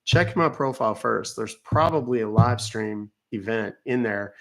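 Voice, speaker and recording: A man's voice: on the low side, a little slow. A man from North Texas, hosting a casual livestream, chatting with viewers and playing dumb with a phone caller. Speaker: livestream host baiting phone scammers.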